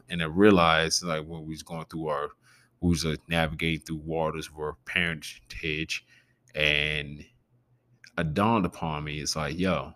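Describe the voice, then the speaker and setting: A man with a gravelly growl in his voice, hosting a podcast in a loose, rambling and profane casual chat. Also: extremely low pitch, level tone, a little slow, a bit bright. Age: adult with a preteen nephew. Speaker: podcast host.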